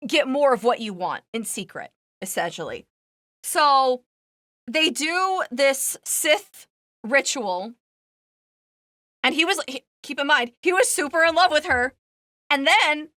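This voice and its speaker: Bright high-voiced woman chatting. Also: no room sound, clean studio sound. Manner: rambling, filler-heavy storytelling; laughs as she talks. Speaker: streamer. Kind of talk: casual chat.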